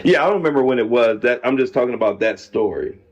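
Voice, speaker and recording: A man's voice: medium pitch, animated, fast. A man interviewing someone, asking questions in a stumbling way with repeated words. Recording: muffled clip.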